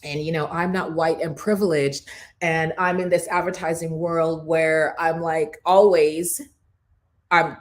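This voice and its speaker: Emphatic woman, slightly low voice. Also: flat delivery, unhurried. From Jamaica. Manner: emphatic, preacher-like, scripture-quoting. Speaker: morning show host. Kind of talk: motivational talk.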